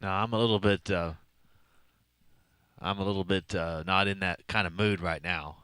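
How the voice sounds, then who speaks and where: Dry low-key radio guy, a bit low, smooth clean tone. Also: steady tone, moderate pace, fairly bright tone, dry recording. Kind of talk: casual sports radio chat.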